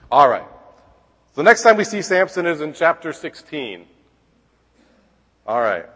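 A man's voice: medium pitch, a bit bright, husky, big-room sound. A man giving a casual Bible lesson, retelling and reading scripture in a conversational way, often checking in with "okay?" and adding wry asides. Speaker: Bible teacher.

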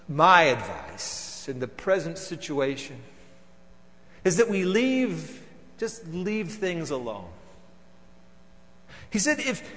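Playing a bitter, vengeful elder of a temple council, a man delivers a heavily acted theatrical monologue in a large hall. His slightly high voice alternates between loud eruptions and quiet, seething lines.

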